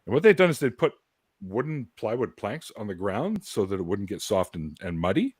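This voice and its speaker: Lively canadian guy in his 40s, low voice, swoopy pitch, laughs and does voices while telling stories, dry sound. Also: normal speed, breathy edge, no echo. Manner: animated, laughing storyteller who acts out voices. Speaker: guest. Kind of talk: casual storytelling chat.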